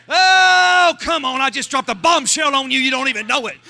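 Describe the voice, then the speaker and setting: A man preaching a sermon as pastor, shouting lines and calling for responses from the congregation. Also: very high voice, normal speed.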